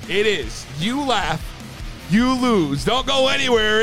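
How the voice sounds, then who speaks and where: A man hosting a podcast game show, hyping it up with loud announcer-style shouting. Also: high voice, very animated, slow pace, soft background music. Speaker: podcast host.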